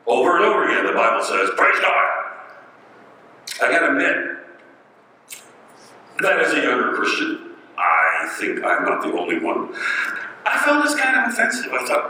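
A man preaching a sermon in a conversational way, with pauses and rhetorical questions, recorded from a distance in an echoey hall. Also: mid-range voice, huge pitch swings, sharp tone, a little hiss or hum.

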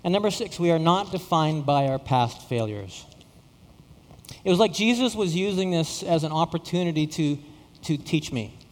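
A man's voice: fairly high pitch, animated, normal speed, long reverb tail. A middle-aged man from Saskatchewan, a pastor telling a story in a sermon, often repeating words with self-deprecating humor. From Saskatchewan, Canada.

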